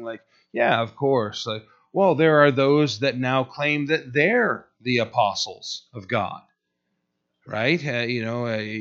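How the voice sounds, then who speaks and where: A man giving a conversational sermon, rambling with many fillers and restarts. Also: medium pitch. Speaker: preacher. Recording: dull lo-fi recording.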